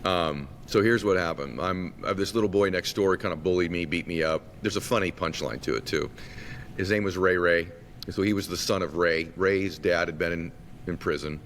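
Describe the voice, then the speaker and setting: Brief: deep, lively male guest storyteller, long room reverb, faint rumble underneath. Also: moderate pace. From Massachusetts. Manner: animated storyteller who acts out quotes. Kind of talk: storytelling in a conversation.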